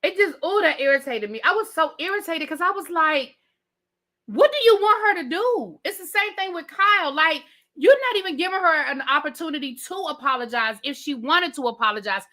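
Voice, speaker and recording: Woman TV reviewer, high bright voice, profane and repetitive live rant, calls viewers y'all and baby. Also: expressive, fairly quick. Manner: heated, profane, repetitive ranting. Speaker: TV show reviewer.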